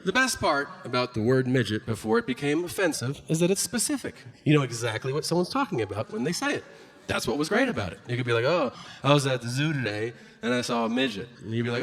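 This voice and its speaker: A man's voice: medium pitch, very animated, a little fast. A man doing a stand-up comedy routine on stage, profane and acting out both sides of exchanges in mocking voices. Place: comedy stage before a live audience. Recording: noisy live stage recording.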